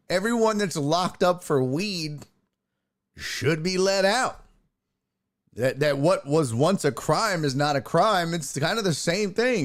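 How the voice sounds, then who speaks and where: A man hosts a casual sports talk stream in a slightly high voice. He chats loosely with his viewers as folks, blunt and slangy, with mild swearing mixed in. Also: animated, slow pace. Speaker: sports talk show host.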